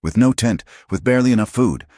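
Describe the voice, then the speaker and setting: Defiant widow, voiced by a man, higher pitch, hard clipped lines. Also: expressive, fast, mellow, no echo, clean studio sound, lightly acted. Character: defiant widowed woman, hard-eyed and proud.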